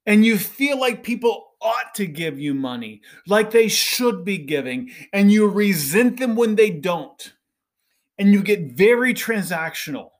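A middle-aged man delivers a podcast monologue in a slightly raised voice. He speaks slowly and earnestly, with a preachy tone, and often pauses to ask "right?". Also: high-pitched, very animated. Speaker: podcast host.

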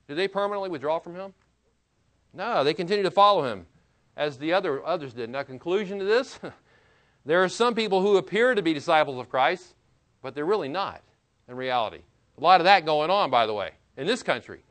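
A man's voice: fairly high pitch, lively intonation, brisk, fairly bright tone. Man preaching a sermon. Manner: expository preaching, reads scripture aloud and comments; conversational asides, chuckles. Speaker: pastor.

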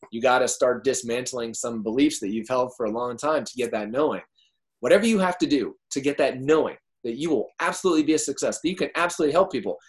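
Brief: male entrepreneur guest, animated and profane, average pitch. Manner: excitable, swears freely, animated with big pitch jumps. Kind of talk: casual interview chat.

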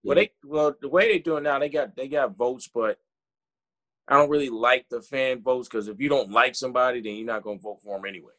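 A man's voice: mid-range voice, brisk, a bit bright. Laid-back slangy man chatting. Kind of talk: casual chat.

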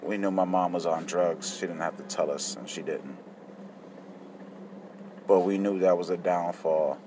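A man's voice: deep voice, unhurried, noisy background. A man telling his childhood story in a casual, profane, reflective way. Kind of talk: personal life story.

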